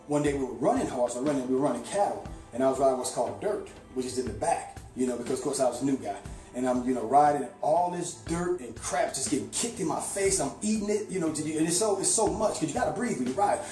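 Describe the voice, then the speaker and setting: Man, rambling storyteller, warm and mellow, roomy echo, soft music. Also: fairly high pitch, brisk. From St. Louis, USA. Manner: animated, rambling, with frequent "you know". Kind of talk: casual storytelling.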